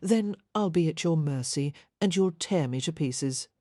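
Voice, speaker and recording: A frightened, skeptical young woman, breathless and pleading, as a woman narrator voices her. The voice stays mellow and close, with no room sound, in a romance audiobook. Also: deep voice, expressive, a little slow, dry recording. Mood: fearful. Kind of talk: audiobook character reading.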